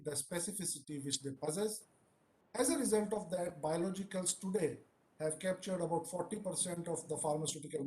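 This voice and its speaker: A man giving a formal plenary talk over a video call, speaking deliberately. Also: on the high side, warm tone, echoey room, low-quality recording.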